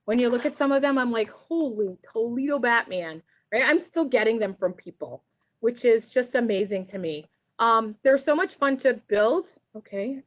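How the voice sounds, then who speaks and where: High-voiced chatty woman leading a workshop. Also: dull audio. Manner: chatty, upbeat, keeps asking "right?". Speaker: teacher trainer. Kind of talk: casual online workshop presentation.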